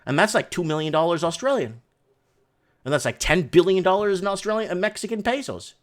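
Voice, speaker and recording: A man hosting a livestream from his home studio, picking up viewer messages as they come in. His voice sits fairly high for a man. He rambles and rants with excitable energy into a desk mic. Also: fairly quick. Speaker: livestream host. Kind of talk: casual livestream talk reading chat.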